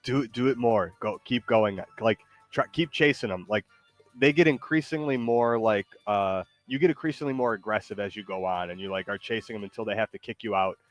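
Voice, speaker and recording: A man's voice: fairly low pitch, brisk, faint music behind. A man hosting a stream in casual chat, loose and teasing, with lots of likes and ums. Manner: loose, rambling, teasing, many fillers. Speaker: streamer host.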